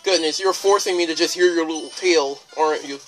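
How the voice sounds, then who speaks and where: A let's player giving excitable, jokey gameplay commentary. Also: medium pitch, brisk, faint music behind.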